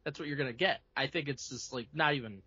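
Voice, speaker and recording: A man's voice: medium pitch, fast, bright, forceful tone, husky, no echo. A man co-hosting a podcast who is still getting over being sick, reasoning things through in a casual wrestling chat. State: recovering from illness. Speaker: podcast co-host. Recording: dry, dull lo-fi audio.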